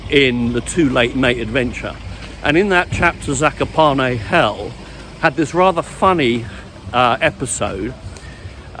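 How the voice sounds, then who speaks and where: A man's voice: fairly high pitch, fairly bright tone, a little hiss or hum. A middle-aged man walking along a street and telling a meandering, reflective story about dating, with many fillers and restarts. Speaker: vlogger on dating. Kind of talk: rambling anecdotal storytelling.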